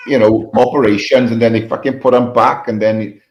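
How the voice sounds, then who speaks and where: A man's voice: medium pitch, fairly even intonation, a little fast, a little mellow. A man co-hosting a live stream, chatting in a matey way, asking questions and swearing casually. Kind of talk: casual chat.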